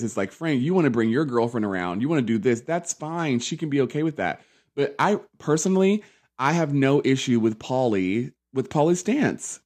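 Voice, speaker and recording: Sassy podcast host in his thirties, mid-pitched, chatty and profane, reality-TV recap. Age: 30s. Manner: sassy, animated, profane, full of asides.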